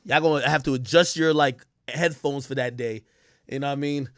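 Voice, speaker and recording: A man's voice: medium pitch, steady tone, a little fast, fairly bright tone, clear, resonant tone, no room sound, studio quality. A man, talking on a casual livestream in a boastful, teasing way. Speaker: streamer.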